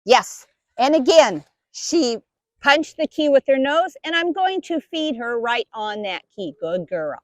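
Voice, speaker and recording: A woman's voice: sits high, animated, a little slow, dry recording. A woman dog trainer patiently explaining each step while giving cues and praise to her dog. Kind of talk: instructional demonstration.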